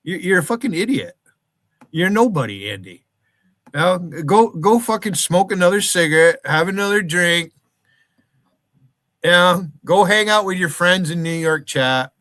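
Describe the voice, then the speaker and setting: Man, livestream host, angry profane rant, higher-pitched voice, dry close sound. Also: lively intonation, normal speed, fairly bright tone, no echo. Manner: profane, confrontational, calls out viewers by name.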